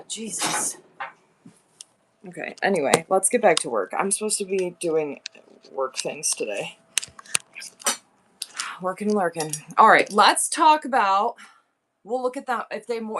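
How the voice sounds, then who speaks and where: A woman's voice: lowish voice, fairly bright tone, slight background noise. A woman chatting casually on her seller livestream, rambling, laughing often and answering viewers' comments.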